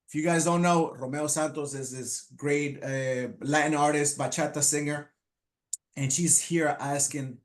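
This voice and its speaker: A man in his fifties whose first language is Spanish, giving a motivational speech about his life, halting with many restarts and fillers. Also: fairly high pitch, steady tone. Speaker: motivational speaker. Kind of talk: personal storytelling speech.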